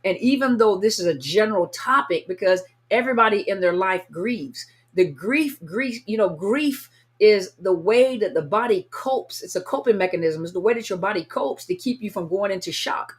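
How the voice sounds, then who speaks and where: A woman's voice: medium pitch, lively intonation, moderate pace. A woman coaching people through abuse and grief in an unscripted teaching talk, earnest and repetitive, often acting out what listeners feel. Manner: earnest, repetitive, acts out inner voices. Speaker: coach on narcissist abuse recovery.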